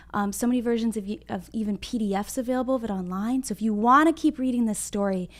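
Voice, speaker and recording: A woman's voice: on the high side, a little mellow. A young adult woman teaching a read-aloud lesson to young children, upbeat and addressing them directly as friends. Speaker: kindergarten reading teacher.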